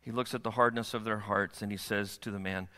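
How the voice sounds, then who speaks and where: A man's voice: fairly low pitch, steady tone, brisk, pushed and bright. A pastor preaching a sermon to his congregation, often asking them rhetorical questions. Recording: long hall reverb.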